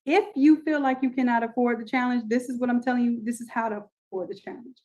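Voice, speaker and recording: A woman with a fairly high voice hosts a live online design class, pitching deals and repeating herself as she talks straight to viewers. Her energy stays up throughout. The audio is dull and lo-fi, like a computer mic on a stream. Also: steady tone, quick pace, darkish tone.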